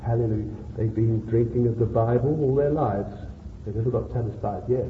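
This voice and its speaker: A man's voice: mid-range voice, steady tone, a little fast, a little hiss or hum. Fervent preacher man on an echoey tape. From England. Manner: pleading, rhetorical questions, rising to fervent exhortation. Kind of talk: sermon. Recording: echoey, phone-like old sermon tape.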